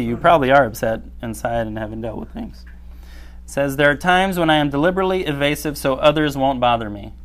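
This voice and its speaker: A man's voice: medium pitch, fairly bright tone. A man giving a conversational sermon, often checking in with the listeners and acting out everyday reactions. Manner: conversational, repeatedly asking "right?"; reads checklist aloud, acts out quoted reactions.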